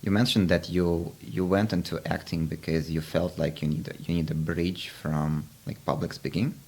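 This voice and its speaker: Very deep gravelly man, explaining. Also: level tone, normal speed, darkish tone. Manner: reflective, explanatory, frequent restarts. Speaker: podcast host. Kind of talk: casual interview chat.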